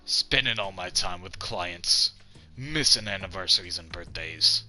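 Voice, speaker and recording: A man's voice: low-pitched, lively intonation, measured pace, bright, forceful tone, soft background music, heavily acted. A man doing a bitter, drunk, lonely older man. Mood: mournful. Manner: slurred, gruff delivery with rising outbursts. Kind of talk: reading game dialogue aloud in a put-on voice.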